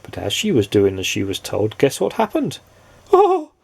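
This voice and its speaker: A man reading a children's storybook aloud in a playful, expressive way, asking the listener questions. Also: fairly low pitch, moderate pace, gravelly, breathy edge.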